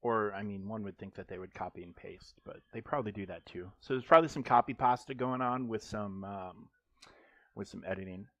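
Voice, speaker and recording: A man's voice: on the low side, brisk, dry recording, muffled recording. A man streaming a mobile game live, chatting casually and joking, rambling with frequent ums and restarts.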